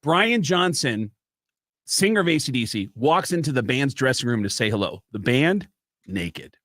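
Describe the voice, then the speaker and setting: A man telling a comic story as a guest, animated and restarting often, close to the mic. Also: medium pitch, normal speed, no echo. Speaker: comedian guest.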